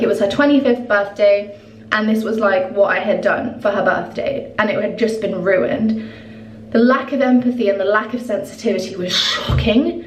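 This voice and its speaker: A chatty young woman vlogging about her week, her voice a touch high and lively in the retelling. She sits a little way back from the mic in a roomy, echoing space. A faint hum of noise runs underneath. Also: recorded from a distance. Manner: chatty, animated retelling full of "like". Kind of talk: casual storytime vlog. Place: at home.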